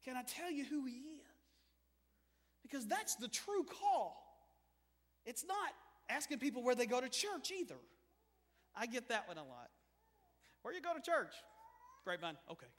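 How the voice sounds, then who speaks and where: A male preacher delivers a sermon with a strikingly high voice. He swings from hushed stretches to loud, animated bursts. The sound carries a long reverberant tail from the church hall. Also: measured pace, pauses often. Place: church sanctuary.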